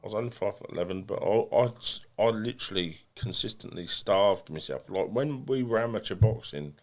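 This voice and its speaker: Here the English boxer sounds expressive and a touch fast, his voice fairly low. As a podcast guest in a relaxed interview, he's blunt and self-deprecating, with plenty of restarts.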